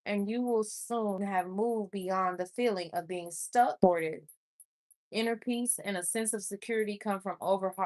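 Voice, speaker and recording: A woman doing a spiritual tarot card reading, emotional and speaking to Spirit. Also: medium pitch. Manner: emotional, talks to Spirit, gets choked up. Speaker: tarot reader.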